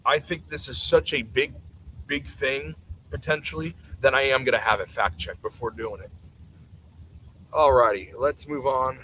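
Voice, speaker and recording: A man's voice: medium pitch, moderate pace, sharp tone, a little hiss or hum, rough recording. A man ranting bluntly and sarcastically during casual livestream commentary. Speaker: streamer.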